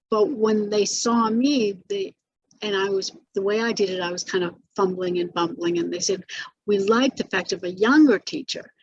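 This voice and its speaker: Her voice is mid-range and husky, and the recording is dry with dull audio. She's an older actress in a relaxed interview, reminiscing about her career through stories packed with restarts, fillers and laughs.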